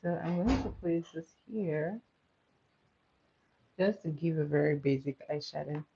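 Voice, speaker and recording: Woman, casual makeup livestream, chatty, answers viewers, slow, dull lo-fi audio. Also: low voice, gravelly, dark tone, breathy edge. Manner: chatty, reads and answers viewer comments, runs playful votes. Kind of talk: casual livestream chat while doing makeup.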